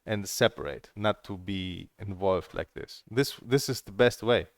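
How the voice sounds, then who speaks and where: Gravelly-voiced man rambling candidly. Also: on the low side, measured pace, dry recording. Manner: candid storyteller who swears freely. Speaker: table tennis coach and streamer. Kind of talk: casual rambling monologue.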